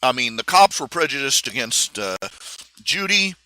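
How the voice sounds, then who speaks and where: Man streamer, lively pitch, very bright and dry, rambling with lots of fillers. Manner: halting, full of fillers and restarts. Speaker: live stream host. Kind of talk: casual rambling monologue. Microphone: streaming microphone.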